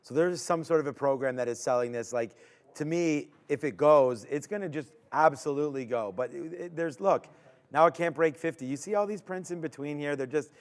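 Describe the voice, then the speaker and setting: A man hosting a live stock trading stream, narrating price moves as they happen and urging the price on with bursts of excitement. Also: a little high, a little fast. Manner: restless, urging the price on, rising to excited shouts.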